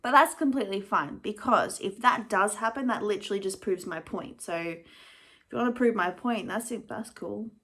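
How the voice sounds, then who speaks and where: A woman's voice: medium pitch, normal speed, bright, forceful tone. A woman rambling casually to her viewers in a vlog, chatty and self-deprecating, a little nervous. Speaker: vlogger.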